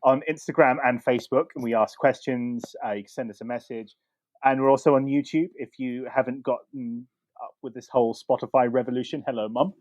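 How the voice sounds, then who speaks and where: A man in his thirties co-hosts a film podcast in loose, casual chat. He rambles, restarts his sentences and fills gaps with ums. His voice sits at a middling pitch, and the recording is close and dry with no room sound. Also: fairly even intonation, fairly quick, darkish tone, dry recording, dull audio. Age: 30s. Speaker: podcast co-host.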